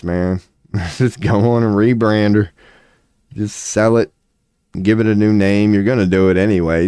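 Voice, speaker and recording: A man's voice: sits low, dark tone, clear, resonant tone, no echo, clean studio sound. A man giving a casual, profane, sarcastic rant, with short laughs between his points. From United States. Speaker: commentary vlogger. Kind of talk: casual ranting commentary.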